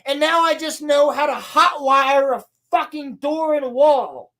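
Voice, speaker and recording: Her voice sits high with a fairly bright tone, and she keeps a measured pace. As a podcast co-host, she sarcastically rants through a show recap, cursing often and performing scenes in different voices.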